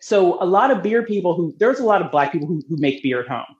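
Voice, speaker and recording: A woman guest telling lively personal stories in a casual interview, talking freely and laughing often. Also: on the low side, fast. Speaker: podcast guest, beer promoter. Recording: roomy, slightly muffled.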